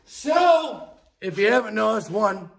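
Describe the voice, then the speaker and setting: Man, high-pitched for a man, very gravelly, angry profane rant, muttering then shouting. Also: very animated, unhurried. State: drinking beer. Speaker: podcast host.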